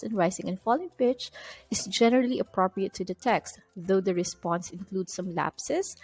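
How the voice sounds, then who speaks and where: A woman giving a recorded English test-prep lecture in a mid-pitched voice. She explains each point step by step and leans on key terms. Faint music plays in the background. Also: darkish tone, low-quality recording.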